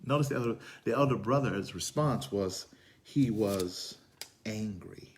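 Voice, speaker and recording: A man preaching a sermon, swinging from hushed, whispered lines to loud, high-pitched storytelling. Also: moderate pace, a little hiss or hum. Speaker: pastor.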